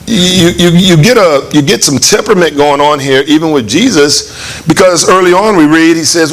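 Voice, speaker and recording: A man preaching a conversational, animated sermon in church, acting out lines of the story. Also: a little high, normal speed, slight background noise. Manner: animated, conversational, acts out voices with laughs. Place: church hall.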